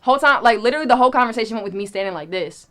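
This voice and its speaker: Fast-talking young woman telling a story. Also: fairly high pitch. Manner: animated, profane, acts out quoted lines. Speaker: storyteller guest. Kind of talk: casual storytelling.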